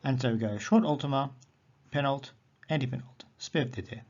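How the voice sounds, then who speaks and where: Male teacher, mid-pitched, patient and repetitive, on a dull lo-fi recording. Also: a little mellow. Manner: patient explaining, repeats words slowly. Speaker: Greek teacher. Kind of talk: recorded grammar lesson. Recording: dull lo-fi audio.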